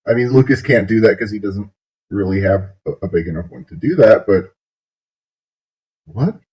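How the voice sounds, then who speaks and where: Husky man mocking videos between laughs. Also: fairly low pitch, normal speed, long pauses, mellow, low-quality recording. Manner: laughs often, incredulous and sarcastic. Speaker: streamer host.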